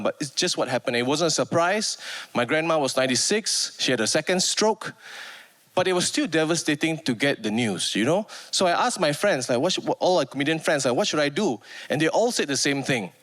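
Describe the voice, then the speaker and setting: High-voiced Malaysian stand-up comic. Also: male voice, a little fast. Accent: Malaysian English. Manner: animated, acts out relatives' voices. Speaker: stand-up comedian. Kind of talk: stand-up storytelling.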